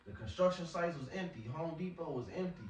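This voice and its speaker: A man's voice: on the high side, quick pace, darkish tone, slight background noise. A man preaching in a casual, slangy way, often repeating words as he talks. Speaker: street preacher. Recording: echoey, from far off.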